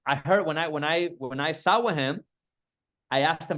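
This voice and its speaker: A man's voice: fairly high pitch, a little fast, fairly bright tone. A man in casual chat, talking loosely and profanely, peppering everything with "bro" and "like". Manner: profane, rambling, lots of "bro" and "like".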